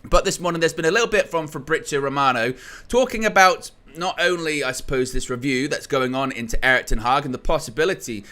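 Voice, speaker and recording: An English man hosts a live football fan stream, his voice bright and forceful. He chats in a rambling way and reads out viewers' comments and greetings as he goes. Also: on the high side, quick pace. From England. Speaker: fan channel host.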